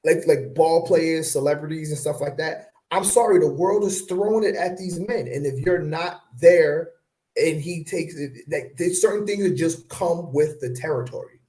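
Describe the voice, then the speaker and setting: A man's voice: fairly high pitch, moderate pace, warm tone. A man co-hosting a casual podcast discussion, arguing his point with rhetorical questions and frequent "you know what I'm saying.". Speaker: podcast co-host.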